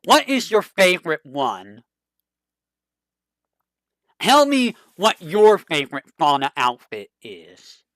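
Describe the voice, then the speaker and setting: A streamer chatting casually to a live audience, rambling and excitable with a fond tone. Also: mid-range voice, slow, pauses often, no room sound, clean studio sound.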